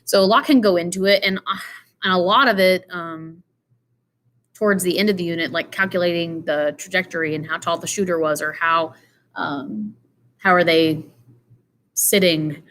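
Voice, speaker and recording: A teacher, tired and yawning, leads an informal lesson over slides, scattering in fillers and asides. Her voice is on the low side and fairly bright, moving at normal speed with long pauses.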